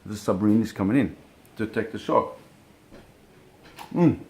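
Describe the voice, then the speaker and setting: This is a casual spoken anecdote from a man remembering shark hunting, told vividly with sounds acted out and plenty of self-corrections and repeated words. His voice is lowish and warm at a normal speed, with a little hiss or hum in the recording.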